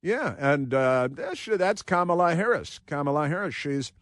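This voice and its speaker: A man hosting a talk radio show, delivering an opinionated monologue in a sarcastic tone with drawn-out, emphatic phrasing. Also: on the high side, expressive, a bit bright, no echo, studio quality.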